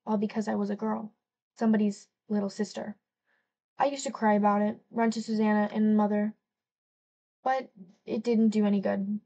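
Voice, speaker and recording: A woman's voice: mid-range voice, creaky, warm tone, muffled recording. A woman narrating a first-person novel as an audiobook, reading expressively and lightly acting out the dialogue.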